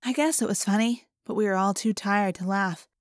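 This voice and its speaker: A woman reading a first-person audiobook in a clear, even storytelling manner. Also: medium pitch, moderate pace, no echo, studio quality. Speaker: audiobook narrator.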